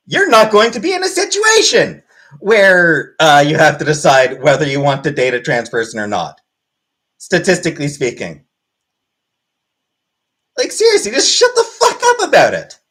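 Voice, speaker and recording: Woman livestreamer, furious profane rant, exasperated and sarcastic, lively swooping voice. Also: a little high, poor audio. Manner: angry, profane ranting; mocking, exasperated. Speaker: livestreamer reading chat. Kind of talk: live-stream rant.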